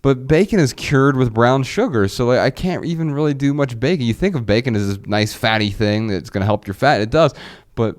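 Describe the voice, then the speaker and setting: Smooth-voiced man co-hosting a podcast. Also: mid-range voice, expressive, brisk. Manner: rambling, enthusiastic, frequent restarts. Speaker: podcast co-host. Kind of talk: casual chat.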